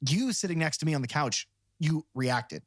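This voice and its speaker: A man co-hosting a podcast, talking about movies in an animated, rambling, enthusiastic way. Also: on the high side, moderate pace, dry recording, studio quality. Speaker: podcast co-host. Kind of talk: casual film discussion.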